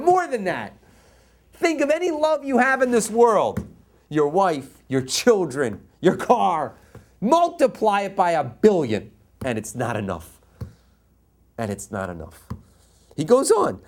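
Rabbi type, male, lively swooping delivery, emphatic repeats, quotes Hebrew, jokey with the room. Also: high voice, measured pace. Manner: passionate and jokey. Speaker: rabbi teaching a class. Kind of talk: Torah lecture to a live audience.

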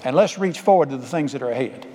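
With a mid-range, mellow voice and lively intonation, a man preaches fast through a folksy, emphatic sermon. He calls out for amens from the congregation in call-and-response, and the church sanctuary adds a long hall reverb.

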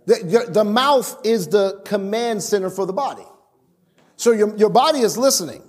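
A man preaches in a church, his voice pitched high. He delivers an animated sermon, stammering through restarts and acting out quotes. Long reverb hangs in the sanctuary. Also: moderate pace. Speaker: pastor.

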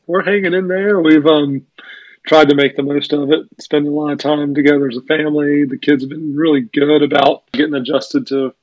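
A man's voice: on the high side, little pitch movement, brisk, no room sound. A middle-aged man co-hosting a podcast in casual chat from a small room at home. He jokes dryly, then talks in an earnest, reflective way with restarts. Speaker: podcast co-host. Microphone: remote home setup. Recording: dull lo-fi remote audio.

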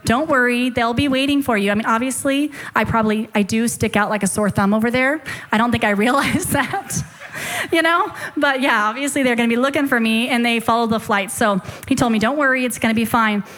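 A young woman stands before a church congregation and tells her testimony, her voice sitting a little high. She tells it as an animated story, full of quick asides where she quotes her own thoughts. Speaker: speaker sharing a testimony. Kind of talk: sermon testimony.

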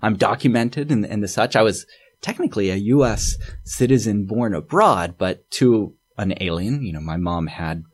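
A man speaking as an anthropologist guest in a relaxed interview, thoughtful and hesitant with many fillers and restarts. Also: on the low side, moderate pace, slightly rough. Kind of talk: casual interview talk.

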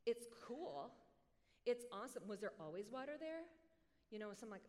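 A woman preacher giving a sermon in an animated, conversational way, with joking asides, in a large hall. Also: lowish voice, normal speed. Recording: long hall reverb.

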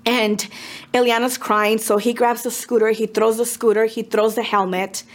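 A woman in her thirties with a slightly high voice tells a story in casual chat. She acts out the lines of the people involved and slips in a few Spanish words. Her delivery is lively and personal. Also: normal speed. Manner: animated retelling with acted-out quotes. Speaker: podcast co-host.

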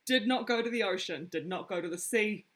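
A woman's voice: mid-range voice, fairly quick, fairly bright tone. A woman co-hosting a casual chat, giggly and candid. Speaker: podcast co-host.

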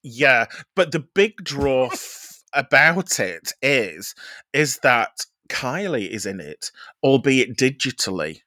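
A man's voice: medium pitch, very animated, slow, sharp tone, no echo, clean studio sound. A man guest-reviewing a show on a podcast, rambling and gossipy in casual chat. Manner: rambling, many fillers and restarts, gossipy.

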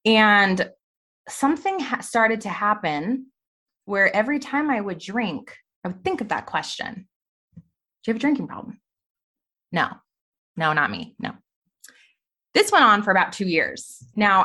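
A woman's voice: mid-range voice, sharp tone. A woman in her thirties telling a candid personal story on a podcast, talking openly about her past. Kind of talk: personal testimony in conversation.

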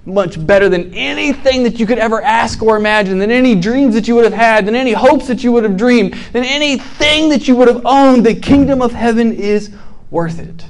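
High-voiced, animated young male preacher. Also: brisk. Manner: animated storytelling, acts out characters, frequent "right?" and "like". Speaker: campus ministry preacher. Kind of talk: sermon to college students.

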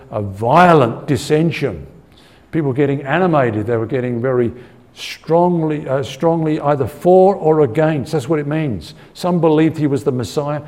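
In a hall with long reverb, a man with a slightly high, warm voice teaches a conversational Bible-study sermon. He speaks earnestly, asks listeners to agree with him, and repeats words while he thinks.

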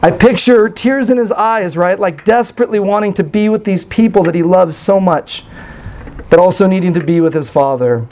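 A pastor with a fairly high-pitched, darkish voice delivers a sermon at normal speed, earnest but conversational, with light self-deprecating asides. The audio quality is poor.

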